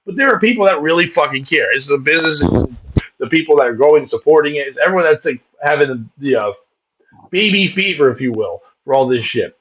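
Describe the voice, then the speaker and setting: A man with a fairly high speaking pitch rambles through a profane comedy bit as podcast host, laughing as he goes. The sound is dull and lo-fi. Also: lively intonation, fairly quick, background noise. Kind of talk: casual comedic chat.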